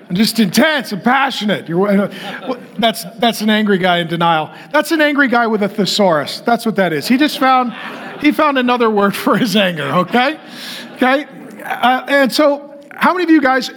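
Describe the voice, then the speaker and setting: Pastor, middle-aged man, high voice, blunt and chatty sermon to a room of men. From North Dakota, US. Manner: direct, conversational, asks the crowd to raise hands.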